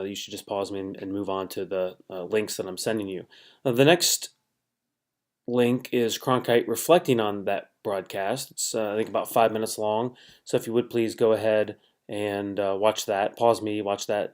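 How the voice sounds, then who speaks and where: A man's voice: fairly low pitch, fairly even intonation, normal speed. A middle-aged American man teaching a recorded online lesson, talking casually with many fillers and restarts.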